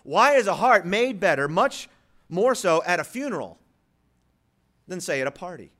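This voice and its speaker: A pastor preaching a sermon, swinging from loud rhetorical questions to low, quiet passages and acting out the voices of imagined listeners. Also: male voice, big pitch swings, moderate pace.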